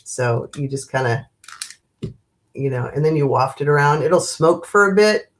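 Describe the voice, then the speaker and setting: A woman hosting a spiritual livestream, chatting gently with viewers and rambling through many fillers and restarts. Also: sits low, lively intonation, a little slow. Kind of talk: casual live chat with viewers.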